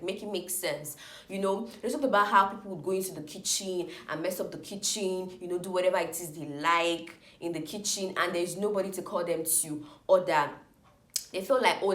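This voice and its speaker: Sassy woman in an echoey room. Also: lowish voice. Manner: sassy, exasperated, lively talk to viewers. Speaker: reality TV reviewer. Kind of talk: casual opinionated commentary.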